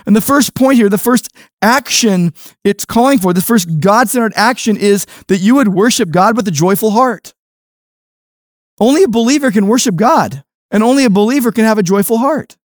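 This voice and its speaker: A pastor preaches an emphatic, expressive sermon at normal speed, moving between quiet, low phrases and raised, stressed words. The studio-quality recording has no room sound.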